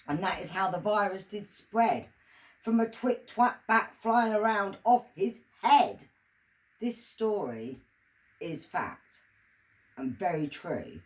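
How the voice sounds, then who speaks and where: Casting: woman storyteller, lower voice, very animated reading of a crude rhyming tale. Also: slow, low-quality recording. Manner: lively, sing-song storytelling with crude humor. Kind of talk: reading her own comic rhyming story.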